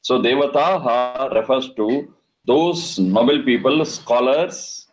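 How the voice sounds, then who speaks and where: A man teaching a scripture lesson. He explains Sanskrit words slowly and deliberately, and he repeats and chants the terms. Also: mid-range voice, poor audio. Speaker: Vedic teacher.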